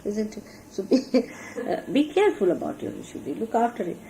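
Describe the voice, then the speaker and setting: This medium-pitched, very animated woman speaks a little fast in a mellow voice. She is a spiritual teacher giving followers an earnest, instructive sermon on conduct, illustrated point by point with gestures, on a low-quality archival recording with faint hiss.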